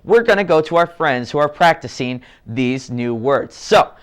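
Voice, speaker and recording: A man teaching a children's language lesson, encouraging and deliberate, drawing out each model word for the kids to repeat. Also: a little high, lively intonation, clear, resonant tone. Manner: encouraging, slow and deliberate with drawn-out model words.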